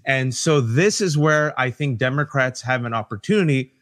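An impassioned man making his case on a podcast panel. He talks in fast, emphatic bursts with an animated delivery and slips into voices to mimic people. His pitch sits in a middle range. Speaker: panel guest. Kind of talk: impassioned political podcast discussion.

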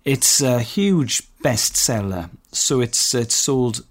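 A man's voice: medium pitch, lively intonation, slow. A man co-hosting a podcast, telling stories in a casual, enthusiastic way and laughing often. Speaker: podcast co-host. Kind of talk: casual chat.

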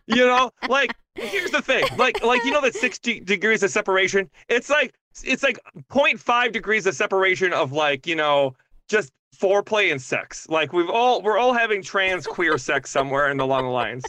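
Animated, joking woman guest, dry close mic. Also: mid-range voice, normal speed, no echo. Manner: animated, joking, swears freely. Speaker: podcast guest. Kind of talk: casual podcast chat.

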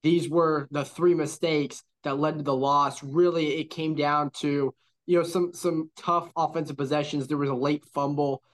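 A man co-hosting a college football podcast, talking in a measured, analytical way with lots of "you know" and "right?". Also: fairly high pitch, fairly even intonation. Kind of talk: casual sports analysis chat.

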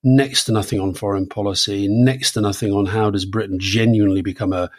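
A man's voice: on the low side, fairly even intonation, brisk. A man in his sixties co-hosting a political podcast, chatting casually with lots of restarts and fillers. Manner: conversational, with frequent restarts and fillers. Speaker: podcast co-host.

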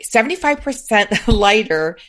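A woman's voice: medium pitch, expressive, a little slow, a bit bright. A woman in a casual home-decor chat, talking eagerly, laughing often and restarting her sentences.

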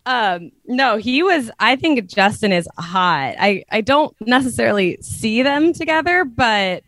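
A woman's voice: fairly high pitch, lively intonation, measured pace, a bit bright, dry recording. A woman co-hosting a casual recap podcast, chatting with lots of hesitant ums and laughs. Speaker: podcast co-host.

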